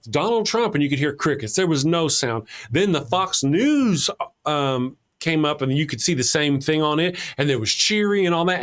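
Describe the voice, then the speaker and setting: A man's voice: fairly high pitch, fairly bright tone. A man hosting a casual political chat show. He rambles and often restarts his sentences. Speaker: podcast host.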